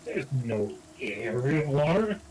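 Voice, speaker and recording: A man's voice: medium pitch, very animated, slow, background noise. A man as a player at a tabletop game, blunt and joking, with some swearing. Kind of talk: casual tabletop play.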